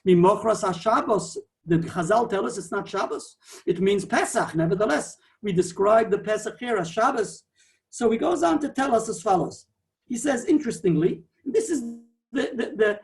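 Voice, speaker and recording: A man, a rabbi, giving a digressive, animated Talmudic lecture peppered with Hebrew and Yiddish terms. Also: high voice, gravelly. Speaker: rabbi teaching a Torah class.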